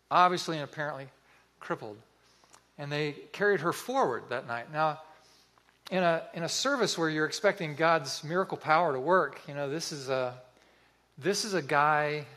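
Guy preaching, slightly high voice, earnest vivid storytelling with lots of pauses. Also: a bit bright. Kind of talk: sermon storytelling.

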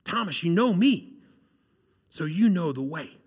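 A man's voice: sits high, animated, measured pace, slightly rough, in a large hall. A male pastor giving a sermon, earnest and conversational, often checking in with the congregation.

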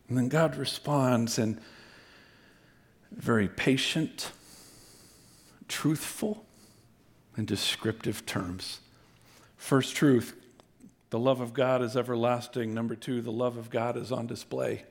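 A man preaching a sermon, speaking with animated intensity and acting out God's words with rising emphasis. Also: mid-range voice, slow, vocal fry, pauses often. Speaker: pastor.

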